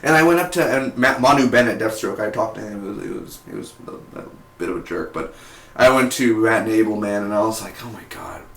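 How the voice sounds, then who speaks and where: Young man, casual episode review, rambling, excitable, roomy echo. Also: fairly low pitch, quick pace. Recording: echoey room.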